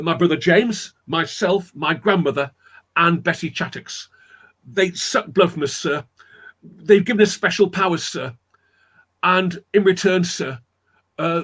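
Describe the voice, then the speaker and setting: A man's voice: high-pitched, fairly bright tone, breathy edge, heavily acted. A man voicing a fourteen-year-old girl who confesses deferentially, repeating "sir".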